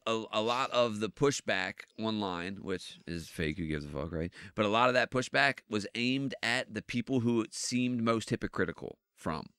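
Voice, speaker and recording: A male podcast host with a bright, forward tone and a slightly low voice. He talks loosely and profanely, then slips into sincere, thoughtful stretches. The sound is close and dry. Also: moderate pace, hardly any pauses, clear, resonant tone, dry recording. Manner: laid-back, profane, drifts into earnest reflection. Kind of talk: casual podcast chat.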